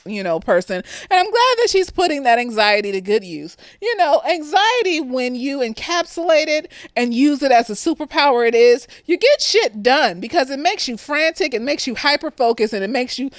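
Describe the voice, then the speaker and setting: Woman, casual TV review, laughs and swears a lot, dry close sound, high voice. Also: moderate pace, dry recording. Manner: animated, laughs often, swears; acts out characters in quoted voices. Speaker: reviewer of a TV show. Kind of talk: casual tipsy review chat.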